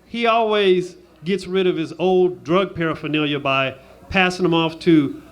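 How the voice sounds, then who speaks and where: A man's voice: fairly high pitch, normal speed, clean tone. A man doing a stand-up comedy set on stage, chatty and self-deprecating, laughing at his own jokes. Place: stage in Las Vegas.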